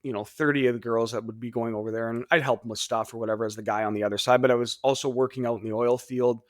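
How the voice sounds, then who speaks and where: A man in his thirties, a podcast guest telling stories casually and animatedly, jumping into high voices for quoted people. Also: steady tone, racing, dry recording, clean studio sound. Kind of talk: casual storytelling.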